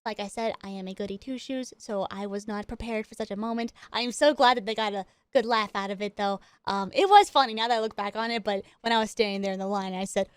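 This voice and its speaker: A woman gaming creator telling a story in casual chat while she plays, animated and excitable, with chatty asides and frequent laughs. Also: medium pitch, quick pace, few pauses, smooth, no room sound. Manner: chatty, self-interrupting asides.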